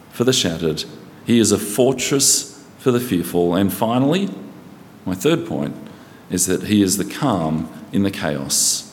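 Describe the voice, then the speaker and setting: Male pastor preaching in a reverberant hall. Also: mid-range voice. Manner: earnest, asks the congregation rhetorical questions. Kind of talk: sermon. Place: church. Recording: long church reverb.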